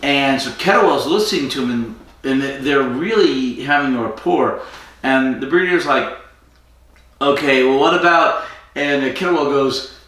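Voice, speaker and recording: A man's voice: medium pitch, expressive, normal speed, fairly bright tone. A man co-hosting a podcast, rambling through a casual episode recap and acting out the characters' lines. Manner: rambling storyteller, acts out quotes. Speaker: podcast co-host. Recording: echoey room, distant from mic.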